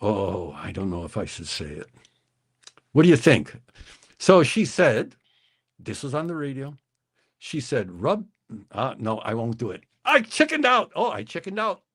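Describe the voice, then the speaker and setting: Lively, rambling older male storyteller. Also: medium pitch, normal speed, breathy edge. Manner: rambling, hesitant, self-interrupting. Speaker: livestream host. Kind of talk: casual storytelling livestream.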